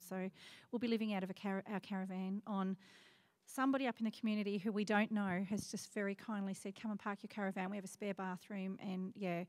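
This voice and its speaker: A woman's voice: mid-range voice, a little mellow. A woman, a church member explaining her move in a rambling, self-correcting way. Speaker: congregation member who is moving. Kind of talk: casual announcement.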